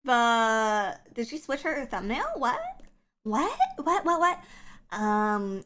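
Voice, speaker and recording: A woman's voice: fairly high pitch, lively intonation, slow pace, fairly bright tone. Scratchy-voiced woman rambling on stream. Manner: rambling, filler-heavy chatter. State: scratchy morning voice. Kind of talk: casual livestream chat.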